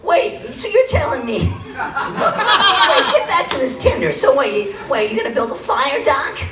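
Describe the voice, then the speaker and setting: A man playing a jittery teenage boy from the past, baffled by what he is told. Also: lively intonation. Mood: incredulous. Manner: squeaky, disbelieving and fast. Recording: roomy club sound from a distant mic, with noise.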